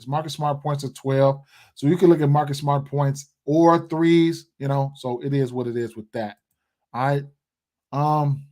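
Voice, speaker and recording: A man with a fairly high voice chats live with his viewers about sports picks. he talks in a loose, rambling way, full of slang and asides to his audience. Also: darkish tone. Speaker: sports betting live stream host. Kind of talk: casual live stream chat.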